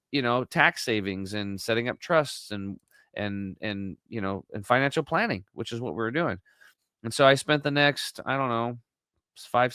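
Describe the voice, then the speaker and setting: A man's voice: lowish voice, fairly bright tone, smooth, no echo. A man talking as a podcast guest, telling his story and acting out quoted dialogue with animation. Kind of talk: conversational storytelling.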